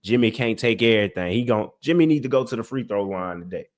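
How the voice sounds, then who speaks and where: Animated young man ranting about basketball. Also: on the low side, fast. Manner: animated, exasperated, talks to chat directly. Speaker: sports podcast host. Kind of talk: casual livestream sports talk.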